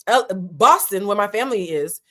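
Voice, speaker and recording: A woman hosting a casual reality TV recap, talking candidly and brashly, swearing freely and breaking into quick asides. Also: mid-range voice, expressive, pushed and bright. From United States. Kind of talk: casual profane recap commentary.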